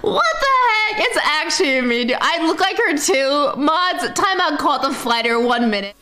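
High, bright-voiced excitable young woman streamer. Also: moderate pace. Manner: excitable, bursts into shrieking shouts and laughter. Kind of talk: casual livestream chat.

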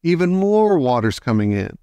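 A man's voice: a little high, moderate pace, clean tone, no echo, voice pushed up. A man doing an eager young girl. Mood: worried. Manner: bright excited chatter, pleading. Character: eager friendly young girl, bold and cheerful.

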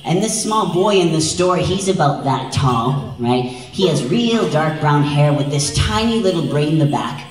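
Man from Wisconsin, stage storyteller, lively, audience asides, echoey hall, distant mic. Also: fairly high pitch, moderate pace, few pauses. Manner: lively, engaging the audience with frequent "right?". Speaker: storyteller and dance presenter. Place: large event hall.

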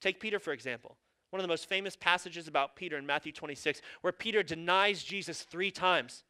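A man's voice: on the high side, fairly quick, pushed and bright, clean tone. A male pastor preaching a sermon in an earnest, conversational way, with casual asides.

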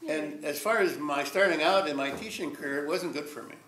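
An older man tells stories from his teaching days in a rambling, reflective way, breaking into chuckles. His voice sits a little high. He is recorded in an echoey college lecture room. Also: brisk, a bit bright, slight background noise. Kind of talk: storytelling lecture.

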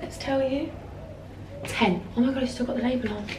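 A young British woman chatting brightly through a fashion vlog, showing off outfits in a holiday room. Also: high voice, fairly even intonation, a little fast, far from the mic, background noise. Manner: bubbly, chatty, keeps saying cute. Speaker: fashion vlogger. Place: holiday room with insects outside. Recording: echoey room, slightly off-mic. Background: faint crickets.

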